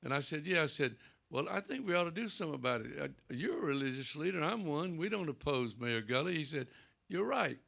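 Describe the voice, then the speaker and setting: Speaking a little high and at a quick clip, this older Southern pastor sounds animated, creaky and fairly bright. He's a Presbyterian minister on a library panel, spinning folksy anecdotes and performing the quoted lines in a library event room.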